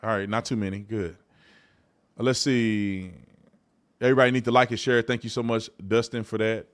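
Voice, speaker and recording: A man hosting a live-streamed talk show in a casual, colloquial way, swinging from loud outbursts to low mutters and often repeating himself. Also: steady tone, normal speed. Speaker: host.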